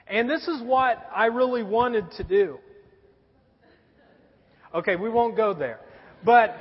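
A man in his forties, a pastor telling a story in a sermon with a conversational, wry humor. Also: very high voice. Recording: dull sound with long hall reverb.

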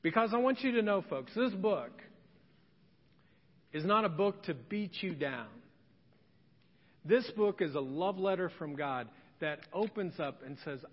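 A middle-aged male pastor delivers an earnest, conversational sermon, pausing for effect between phrases. His voice sits unusually high for a man. The sound is slightly dull and carries the long reverb of a church sanctuary. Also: animated. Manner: earnest, conversational preaching with dramatic pauses.

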